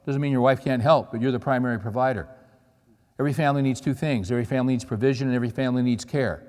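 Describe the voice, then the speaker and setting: A man's voice: mid-range voice, steady tone, very fast, darkish tone. A middle-aged man preaching a sermon, telling stories in a conversational way and checking in with the audience. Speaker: pastor. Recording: long reverb of a large hall.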